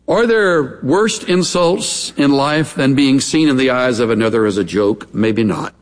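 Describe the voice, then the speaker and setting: A man's voice: mid-range voice, a little slow, hardly any pauses, long reverb tail. A middle-aged male pastor preaching a sermon, telling stories in a playful, chuckling way. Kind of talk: sermon with humorous storytelling.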